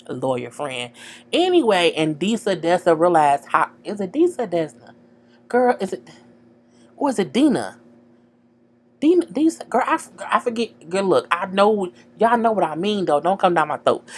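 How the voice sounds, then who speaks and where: A woman casually recapping a TV episode, slangy and animated, talking straight to her viewers. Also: on the low side, moderate pace. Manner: animated, slangy, acts out dialogue, chats to viewers. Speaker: TV show recapper.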